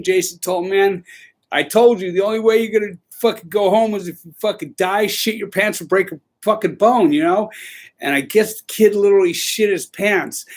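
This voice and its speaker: A man hosting a casual livestream, telling rambling, profane stories with a laugh now and then. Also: high-pitched. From Southern California. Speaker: livestream host.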